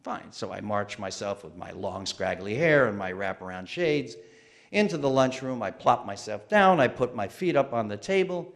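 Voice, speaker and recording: A man's voice: lowish voice, lively intonation, normal speed, gravelly. A man in his fifties telling a wry, self-deprecating personal story on stage. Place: museum stage.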